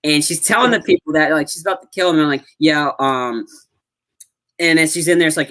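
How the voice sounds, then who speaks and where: A man's voice: fairly high pitch, fairly quick, bright, forceful tone. A man co-hosting a movie review podcast, retelling scenes in a rambling way with lots of fillers. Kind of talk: casual chat.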